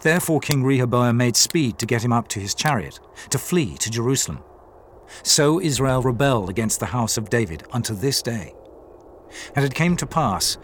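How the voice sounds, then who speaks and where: A man narrating a dramatized scripture reading in a measured, formal manner. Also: mid-range voice, slight background noise. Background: faint music.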